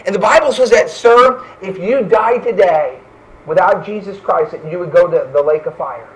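A man's voice: sits high, moderate pace, far from the mic, poor audio. A man preaching a fervent sermon as pastor, often tossing in "right?" asides.

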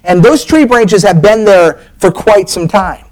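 A man's voice: high-pitched, lively intonation, measured pace, a little mellow, poor audio. A pastor, a man, preaching a sermon with emphatic bursts, frequent restarts and direct appeals to the congregation.

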